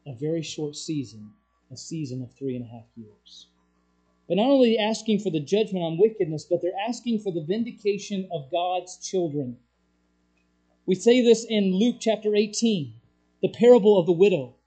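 Preacher mid-sermon, gets loud and urgent then drops way down quiet. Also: medium pitch, moderate pace, slightly rough, low-quality recording. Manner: animated, swings between loud urgency and hushed tones.

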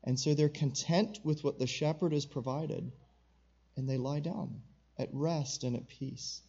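Middle-aged guy preaching a sermon, mellow voice, earnest, slows way down on key words, kinda dull recording. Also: fairly high pitch, fairly even intonation, creaky, breathy edge. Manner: earnest, slows down to stress key phrases, asks the audience questions. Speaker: pastor.

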